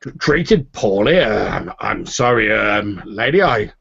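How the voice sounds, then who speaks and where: A man voicing a loud, boastful bearded tavern owner who talks in a tipsy, blustering way. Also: on the low side, sing-song, measured pace, gravelly, husky, heavily acted. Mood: flustered. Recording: dull lo-fi recording.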